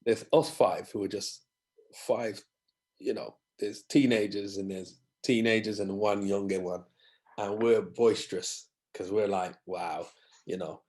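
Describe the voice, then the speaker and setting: A man, a guest musician telling animated anecdotes in a podcast interview and acting out other people's voices. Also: fairly low pitch, measured pace. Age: 50s.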